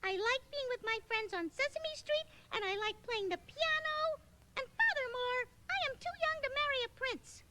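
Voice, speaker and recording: A proper, earnest little puppet girl, speaks in a very high voice and carefully avoids contractions. She talks over loud background noise from an old children's TV tape. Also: expressive, normal speed. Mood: exasperated.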